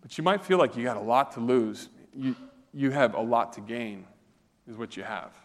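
A pastor with a medium-pitched voice preaches a sermon at normal speed, earnest yet conversational. He puts direct questions to his listeners, and a long hall reverb trails his words.

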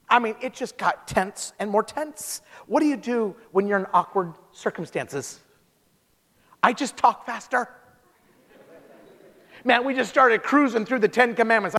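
Guy preaching a sermon, high pitched, animated storytelling, big reverby church. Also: a little fast. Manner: animated storytelling, acts out quotes in character voices. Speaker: pastor. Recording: long hall reverb.

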